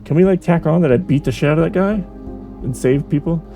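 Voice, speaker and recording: A man's voice: fairly high pitch, fast, gravelly, warm tone, faint music behind, voice pushed up. A man voicing an eager young male job candidate who talks casually.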